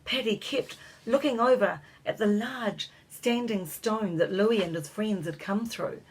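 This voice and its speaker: A woman reading a children's storybook aloud as narrator, gently lifting her voice for the characters' lines. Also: mid-range voice, unhurried, slight background noise, rough recording.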